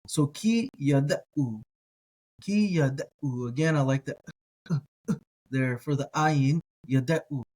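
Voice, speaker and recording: A man leads a slow Hebrew reading lesson. His pace is unhurried and deliberate, and he sounds out each word several times. He stops to correct his own slips. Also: on the high side, darkish tone. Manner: careful, self-correcting. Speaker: teacher.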